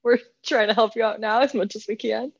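Woman co-host, gravelly voice, playful and inquisitive in casual cooking chat. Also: fairly high pitch, fairly even intonation, fairly quick, lo-fi sound. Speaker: podcast co-host.

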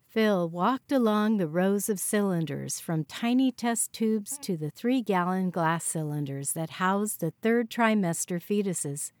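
A woman's voice: medium pitch, a little slow, few pauses, no room sound. Woman narrating a story, dry close sound. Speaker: audiobook narrator. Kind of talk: scripted narration.

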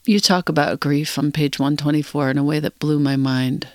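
A podcast host reads a passage from a guest's book aloud and expressively. The mid-pitched voice sounds dry and close, with no room echo around it. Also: moderate pace. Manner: expressive reading, brief listening murmurs.

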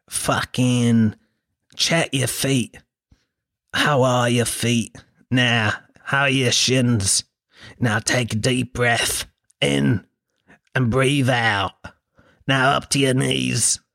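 An Irish man voicing a calm English male meditation guide who gives slow, soothing instructions laced with crude words. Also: medium pitch, vocal fry, dry recording, clean studio sound. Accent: put-on English.

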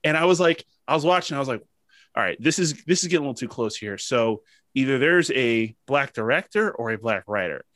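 A man's voice: medium pitch, fairly quick, no room sound. A man hosting a casual podcast chat, telling stories emotionally with lots of fillers. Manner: emotional, animated storytelling with many fillers. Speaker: podcast host.

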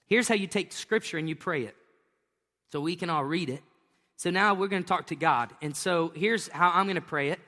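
A middle-aged pastor with a high, pushed, bright voice preaches a conversational sermon. He is emphatic and folksy and repeats his phrases. The recording is set in a reverberant hall with faint music.

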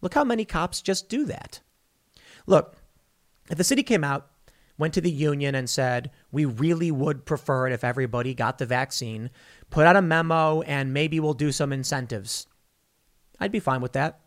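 Male podcast host, fiery opinion rant, sarcastic, slightly higher voice. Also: animated. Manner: heated, sarcastic, mocking quoted voices; rushes through read-out news text. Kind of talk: opinionated commentary monologue.

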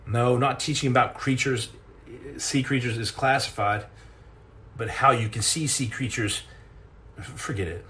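A man's voice: medium pitch, fairly even intonation, measured pace, pushed and bright. A middle-aged man hosting a casual live chat and answering questions, telling rambling, jokey stories with many restarts and repeated words.

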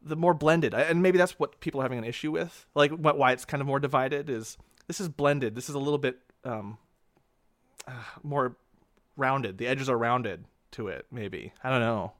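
A man speaking on a dry, close recording, feeling his way through opinions with hesitations and restarts. His talk is relaxed and rambling, a podcast co-host weighing a movie. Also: mid-range voice, moderate pace, dry recording. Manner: rambling, hesitant, thinking aloud. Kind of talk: casual movie discussion.

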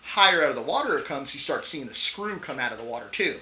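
Bright-voiced man telling a sea story. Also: mid-range voice, fast talker, a little hiss or hum, poor audio. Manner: animated storyteller, swears casually, frequent "right?". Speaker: podcast guest, Navy veteran. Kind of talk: storytelling in a casual interview.

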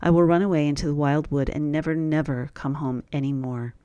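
A man's voice: on the high side, steady tone, fairly quick, dark tone, clean tone, dry recording, close to an everyday voice. A man voicing a frightened young princess begging a hunter for her life, in a storybook reading. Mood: pleading. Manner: tearful begging.

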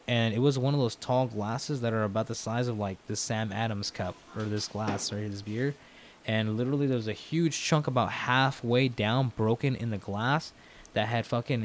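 With a medium-pitched voice and a bit of noise behind him, a young podcast guest recounts a story casually. He is lively and profane, cursing a lot and performing what other people said.

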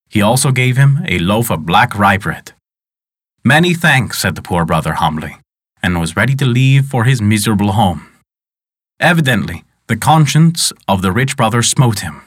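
A man narrating a folk tale in an expressive, dramatic way as the storyteller of the show. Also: medium pitch, slightly rough, no echo, studio quality.

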